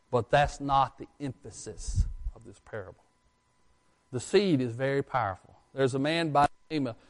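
A man preaching a Bible sermon with emphatic delivery, asking the congregation questions and answering them himself. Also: fairly high pitch. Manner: emphatic, rising and falling, asks the congregation questions.

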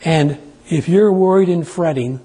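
A man's voice: on the high side, measured pace, dark tone, husky. A middle-aged man preaching a sermon, telling a rambling family story in a folksy way and then leading an earnest prayer. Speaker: pastor.

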